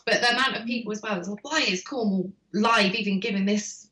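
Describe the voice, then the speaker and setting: A woman host chatting casually and telling a personal story in a candid, animated way. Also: medium pitch, fairly quick. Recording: roomy echo.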